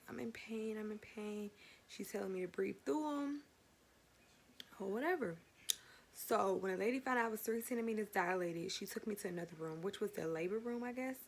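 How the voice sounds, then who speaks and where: A young woman casually telling her own story, animated and slangy, acting out what people said. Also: medium pitch, gravelly, a little hiss or hum. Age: young adult. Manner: animated, acts out quotes, slangy. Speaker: vlogger.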